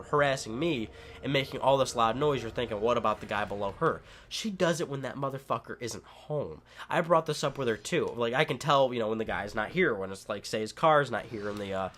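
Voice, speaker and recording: A man's voice: medium pitch, a bit bright. A man doing casual gameplay commentary at home, rambling with many fillers and swearing freely as he tells a story. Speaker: gaming commentator.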